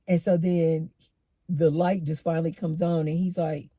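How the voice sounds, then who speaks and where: Brief: middle-aged woman host, warm and husky, emphatic casual storytelling. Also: deep voice, normal speed, no echo. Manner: animated, emphatic, repeats lines for effect.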